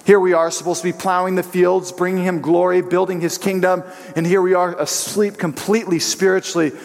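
A man pastor preaching a sermon in a church, animated and joking as he tells personal stories. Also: high voice, brisk, vocal fry, in a large hall. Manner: animated, joking storyteller who slips into voices.

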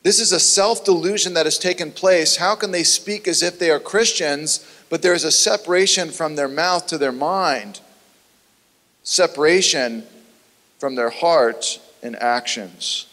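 Man, preacher, sermon, earnest, conversational, slightly high-pitched, long reverb. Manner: earnest, conversational, sometimes animated and quickening.

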